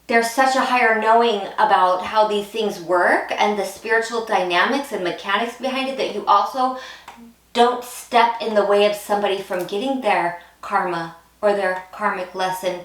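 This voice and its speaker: A woman's voice: mid-range voice, normal speed, fairly bright tone, echoey room, recorded from a distance. A woman giving a pick-a-card tarot reading, talking in a loose, intuitive way with many restarts. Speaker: tarot reader.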